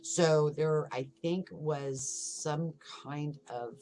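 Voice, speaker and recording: A man's voice: fairly high pitch, fairly even intonation, drawn-out words, darkish tone. A man co-hosting a casual podcast chat, rambling and laughing as he loses his place. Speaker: podcast co-host. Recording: noisy room ambience.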